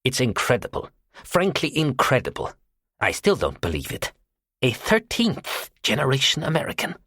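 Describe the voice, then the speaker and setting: A man voicing a fierce, patriotic American woman with a rough, gravelly voice, reading an audiobook. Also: rumbling low, wildly swooping pitch, normal speed, fairly bright tone, no room sound, clean studio sound, pitched above the performer's own voice, exaggerated voice. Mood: indignant. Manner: scowling, indignant.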